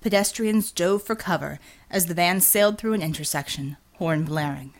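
A woman narrating an audiobook with a steady, expressive reading. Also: on the low side, moderate pace. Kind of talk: scripted narration.

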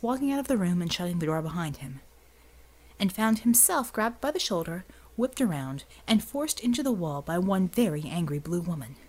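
A woman narrating an audiobook in a steady, even storytelling manner. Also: on the low side. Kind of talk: scripted narration.

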